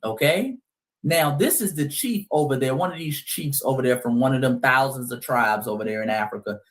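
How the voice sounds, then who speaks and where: A man's voice: mid-range voice, brisk. A man hosting a heated commentary monologue, speaking emphatically and calling his listeners family. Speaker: host.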